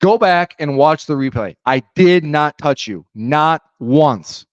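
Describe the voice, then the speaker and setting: A man acting out a defiant male race car driver who insists, slowly and emphatically, that he never touched anyone. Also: a little high, lively intonation, no echo, dull audio. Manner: insistent, slow and emphatic, voice raised.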